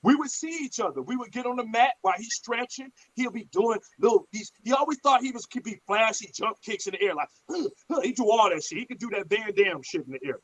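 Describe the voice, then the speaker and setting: Blunt, profane man with a high voice. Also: quick pace, hardly any pauses, rough recording. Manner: blunt, profane, animated storyteller. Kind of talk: casual storytelling chat.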